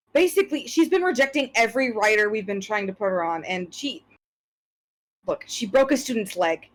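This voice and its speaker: A woman voicing a calm, reasonable male stable hand who talks his partner down. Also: on the high side, low-quality recording.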